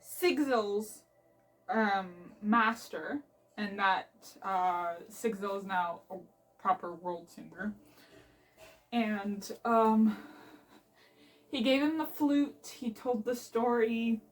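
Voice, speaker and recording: A young woman book vlogger chatting casually from her bed, gushing excitedly about a book with lots of fillers. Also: mid-range voice, takes it slowly, pauses often. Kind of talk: casual reading vlog chat. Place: bedroom reading nook. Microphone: phone camera. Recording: voice from a distance.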